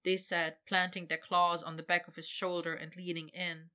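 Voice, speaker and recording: A woman reading an adult story aloud as narrator in a steady, intimate manner. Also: fairly low pitch, moderate pace.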